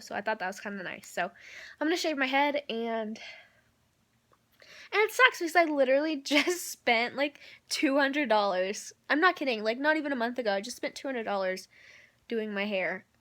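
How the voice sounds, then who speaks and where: A woman's voice: fairly high pitch, a bit bright. A young woman giving a candid, rambling personal video update from a hospital room, with lots of ums and likes. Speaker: vlogger.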